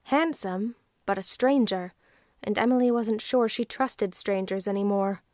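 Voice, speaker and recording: A woman narrating an audiobook in a measured, unhurried reading. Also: medium pitch, darkish tone, no echo, clean studio sound. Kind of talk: scripted narration.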